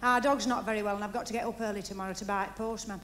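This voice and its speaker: A woman doing a stand-up routine, gossiping in a chatty way and firing off deadpan one-liners while laughing at her own jokes. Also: mid-range voice, racing, crowd noise. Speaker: stand-up comedian. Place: TV studio stage before live audience. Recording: archive TV recording with audience laughter.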